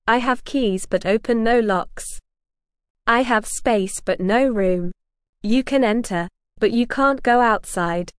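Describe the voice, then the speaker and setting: A woman voicing a wise, dapper old male frog who keeps riddles, speaking in a formal, measured way. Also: fairly high pitch, clear, resonant tone, dry recording, clean studio sound.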